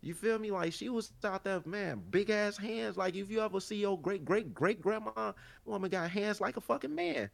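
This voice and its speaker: His high-pitched, gravelly voice moves at a moderate pace with few pauses as the Chicago-accented co-host tells loose, profane, slang-heavy stories in casual podcast talk.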